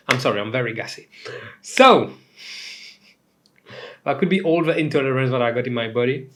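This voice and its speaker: A young man from Mauritius hosting a casual comedic commentary show, talking in an animated, rambling way with swearing and asides. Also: medium pitch, normal speed, pauses often. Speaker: host.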